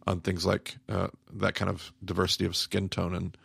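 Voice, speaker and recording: Male podcast co-host, gravelly, halting and reflective, dry studio sound. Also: deep voice, little pitch movement, fairly bright tone, no room sound. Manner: thoughtful, halting, searching for words. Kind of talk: casual discussion.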